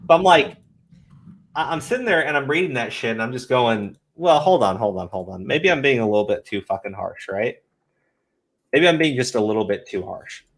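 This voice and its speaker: Profane ranting man, mid pitch. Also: expressive, fairly quick. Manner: profane, scornful, repeats himself. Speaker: commentary streamer. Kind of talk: casual ranting commentary.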